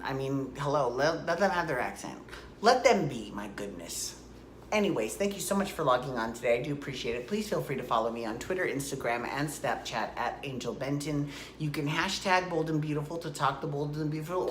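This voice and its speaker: A woman's voice: very deep voice, a bit bright, echoey room, a little hiss or hum. A woman recapping a soap opera in a chatty, rambling way, tossing out rhetorical questions and side comments. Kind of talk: casual rambling recap monologue.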